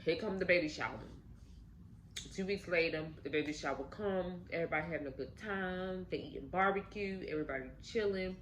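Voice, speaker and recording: A woman's voice: fairly low pitch, a little fast, a little hiss or hum, rough recording. A woman host casually telling a story while eating, talking directly to her viewers. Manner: animated, addresses viewers directly. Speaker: channel host.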